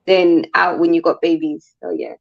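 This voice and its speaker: A woman, a guest on a casual livestream. She talks in an easygoing, smooth and laid-back way. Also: lowish voice, very animated, normal speed, muffled recording.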